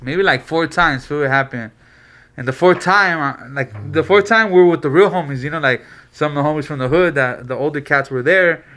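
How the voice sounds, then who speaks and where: A man's voice: on the high side, brisk. A man, co-hosting a podcast and telling a story in casual slang, full of swearing and acted-out quotes. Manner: animated storyteller, acts out voices in quotes, heavy slang and swearing. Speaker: podcast co-host.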